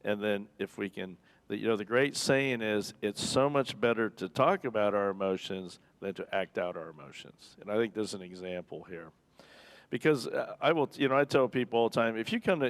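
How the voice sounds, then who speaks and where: A man's voice: lowish voice, moderate pace. A man preaching a conversational sermon as pastor, joking and acting out the people he quotes. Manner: conversational, jokey, acts out quoted voices. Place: church.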